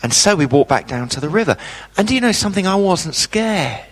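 A man preaching a sermon, telling a personal story with dramatic pauses. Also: high-pitched, very animated, long reverb tail.

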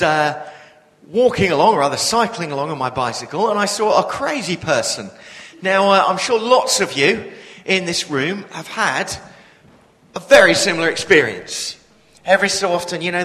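A man preaching a sermon, telling a story in an animated way and dropping to a hush at emotional moments. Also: fairly high pitch. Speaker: preacher and police chaplain. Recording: long hall reverb.

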